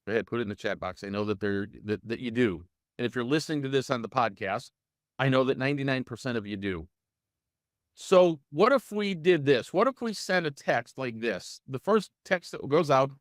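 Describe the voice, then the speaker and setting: A middle-aged man coaching real estate agents in a live online training session, energetic and full of rhetorical questions to his audience. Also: medium pitch, brisk, no echo, clean studio sound.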